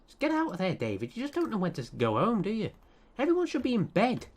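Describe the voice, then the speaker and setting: A man's voice: sits high, huge pitch swings, fast. Guy doing a snarky sweary game commentary, voice jumps up and down a lot. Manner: sarcastic, profane, scolding the game characters. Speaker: let's play commentator. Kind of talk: commentating over a life-sim game.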